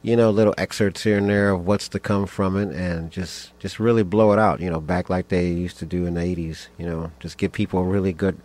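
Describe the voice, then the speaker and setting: Man, very deep voice, animated storyteller, acts out voices, laughs often. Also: fairly quick, hardly any pauses. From United States. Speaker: guest musician. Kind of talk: storytelling in a radio interview.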